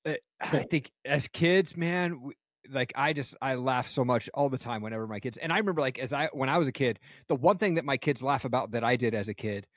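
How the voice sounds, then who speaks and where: A man's voice: medium pitch, a little fast, no room sound, studio quality. A man in his thirties hosting a podcast over a video call, chatting casually, laughing often and calling his guest "dude". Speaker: podcast host. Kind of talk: casual chat.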